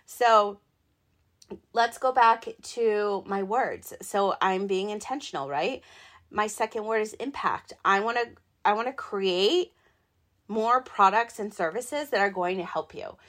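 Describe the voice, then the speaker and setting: A woman in her thirties hosting her own podcast, talking in a chatty, excitable, rambling way with lots of fillers. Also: mid-range voice, a little slow. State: hiccups. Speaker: podcast host. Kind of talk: casual solo podcast talk.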